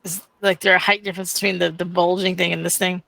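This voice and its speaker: Woman player, bright sharp voice w some fry, jokey, dry close sound. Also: fairly low pitch, flat delivery, fast, dry recording, rough recording. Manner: joking, hesitant, lots of fillers. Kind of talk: casual tabletop play.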